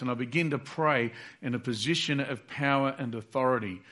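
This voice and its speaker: A man's voice: mid-range voice, brisk, few pauses, fairly bright tone. Earnest man preaching a sermon. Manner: earnest, repetitive, acts out prayers aloud.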